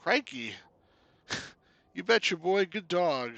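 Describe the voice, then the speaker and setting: Man hamming up a loud Canadian cop. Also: high voice, big pitch swings, takes it slowly, gravelly, no echo, dull audio, voice pushed up, full character voice. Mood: boastful. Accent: exaggerated Canadian. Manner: loud, hammy, ends lines with "eh". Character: brash boisterous Canadian male cop. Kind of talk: video game voice-over.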